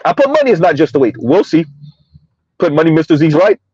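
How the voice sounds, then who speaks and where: A man's voice: a little high, very animated, quick pace, a little mellow, husky, no room sound, dull audio. A man hosting a casual livestream commentary, emphatic and rambling, chuckling between points. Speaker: commentary channel host.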